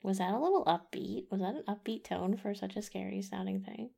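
Gravelly-voiced woman podcast co-host. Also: medium pitch, brisk, dark tone. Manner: laughs easily, chatty with many "like"s. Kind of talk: casual movie review chat.

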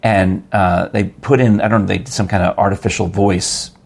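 A man's voice: normal speed, vocal fry. A man hosting a casual podcast chat, rambling and joking with a guest. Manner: chatty, rambling storyteller with lively pitch swings. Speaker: podcast host.

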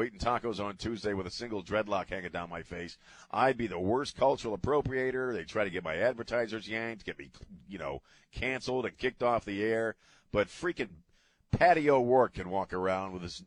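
A man's voice: on the low side, no echo. A middle-aged man hosting a talk radio show, ranting sarcastically in a studio. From United States. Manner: sarcastic, ranting, swears casually. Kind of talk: opinionated talk radio monologue. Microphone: studio broadcast mic.

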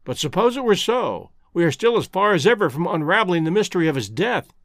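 A man voicing a puzzled, excitable male companion who exclaims quickly. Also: high-pitched, no echo, studio quality.

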